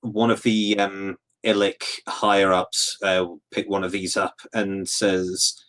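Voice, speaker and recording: A man playing a tabletop game, calmly describing his characters' moves. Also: deep voice, slow pace. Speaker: player.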